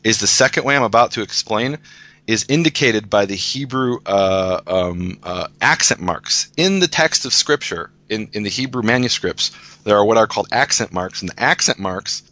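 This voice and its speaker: A man's voice: on the low side, expressive, normal speed, pushed and bright. A man in a casual discussion, patiently explaining scripture as a guest teacher, often restarting his sentences.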